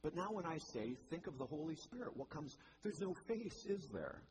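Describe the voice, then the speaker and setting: A man's voice: fairly high pitch, very animated, moderate pace, noisy background. A male pastor giving a sermon in a church, with a conversational manner and wry asides.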